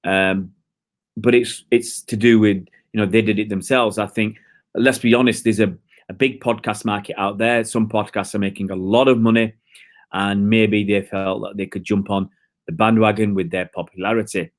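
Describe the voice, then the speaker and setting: A man's voice: on the low side, level tone, moderate pace. A man hosting a live stream, chatting in a rambling, hesitant way with lots of fillers and talking to his viewers. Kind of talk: casual live-stream commentary.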